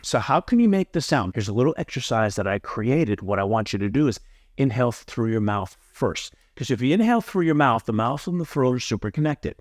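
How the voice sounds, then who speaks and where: This yoga teacher's breathing tutorial comes in a sing-song, middle-pitched voice, a little fast, as he earnestly and emphatically repeats key points. It's recorded dry and close, without any room echo.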